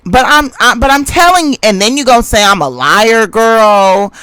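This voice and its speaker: A woman host defends herself in a measured, insistent voice and keeps pushing for order, as a woman puts her on. Her pitch moves widely. The recording is close and dry. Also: lively intonation, a bit bright, smooth, dry recording. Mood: defensive. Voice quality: measured, insistent, appeals to decency. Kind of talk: reenactment of a heated livestream argument.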